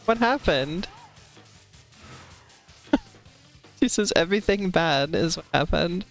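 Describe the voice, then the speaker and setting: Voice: medium pitch, animated, slow pace, faint music behind. A streamer chatting casually while playing a video game, rambling with lots of filler words and giggling often.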